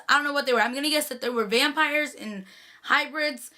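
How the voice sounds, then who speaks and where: A woman's voice: high voice, fairly quick, sharp tone. A young woman gushing in a casual, chatty recap of a TV episode, full of "like".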